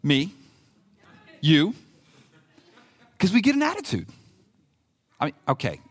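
A pastor preaching a sermon in an animated, conversational way, reading scripture aloud with emphasis. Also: male voice, on the high side, takes it slowly, long pauses, husky.

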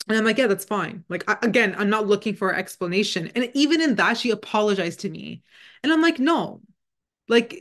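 Chatty woman telling a story. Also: mid-range voice. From Indian heritage. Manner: chatty, retells conversations with many fillers. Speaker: spiritual channel. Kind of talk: casual storytelling monologue.

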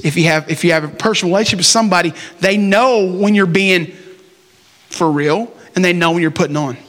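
A man giving a conversational, animated sermon, acting out prayers in plain everyday talk. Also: high-pitched, long reverb tail. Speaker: preacher.

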